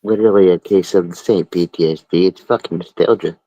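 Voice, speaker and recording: A man hosting a stream, telling a story in a rambling, profane, animated way. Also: low voice, fairly quick, dry recording, muffled recording. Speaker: stream host. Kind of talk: casual storytelling.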